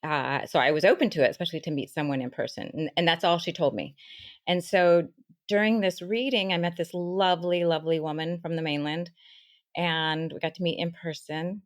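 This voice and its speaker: A woman with a low voice on a close, dry podcast mic. She tells a story with lively turns, dropping into soft asides and acting out the voices of the people she met. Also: fairly quick, no room sound. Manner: animated storyteller, acts out quoted dialogue, soft asides. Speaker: spiritual teacher and medium, guest.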